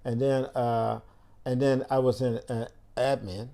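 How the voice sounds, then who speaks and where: A man's voice: medium pitch, measured pace, gravelly. An older man, a podcast guest, telling a story casually and acting out the dialogue. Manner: animated storyteller who acts out quoted dialogue.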